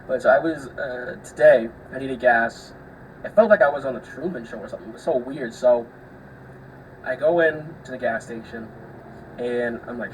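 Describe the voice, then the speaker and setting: A man's voice: mid-range voice, steady tone, a little fast. A young man hosting a podcast who tells a rambling, profane story in casual solo chat, full of filler words. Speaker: podcast host. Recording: distant mic with faint air-conditioner hum.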